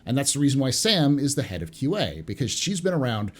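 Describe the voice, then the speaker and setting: A man hosting a casual podcast, reading out audience questions and explaining things in a measured way. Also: mid-range voice, big pitch swings. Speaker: podcast host.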